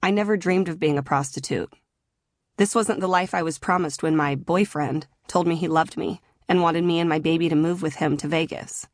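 Female author-narrator, 30s, measured and earnest, low voice, dry studio read. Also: fairly even intonation, no echo. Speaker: author narrating her memoir. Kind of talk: audiobook memoir narration.

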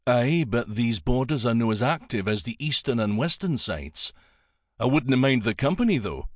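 A man's voice: mid-range voice, sing-song, moderate pace, dry recording, clean studio sound. A man narrating an audiobook voices a jovial, teasing male dragon king with a thick Scottish accent. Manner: teasing, warm-humored.

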